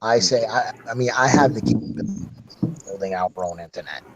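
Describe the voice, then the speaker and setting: A man's voice: fairly low pitch, fast, very noisy. A man from New York in a casual podcast chat, swearing freely and repeating words as he talks. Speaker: podcast co-host.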